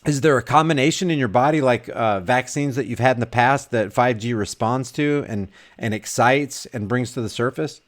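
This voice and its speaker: A man's voice: medium pitch, moderate pace, hardly any pauses. A man vlogging casually, reading viewer comments aloud and rambling with frequent restarts and repeated words. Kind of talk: casual live chat.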